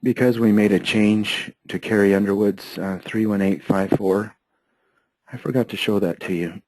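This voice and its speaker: A hoarse man with a lowish voice guides learners through an accounting program, one methodical step at a time. He keeps clearing his throat as he goes. The sound is dry and close, with no room around it. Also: moderate pace, no room sound, rough recording. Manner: steady, methodical step-by-step explaining. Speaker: software trainer. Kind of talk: screen-share software tutorial.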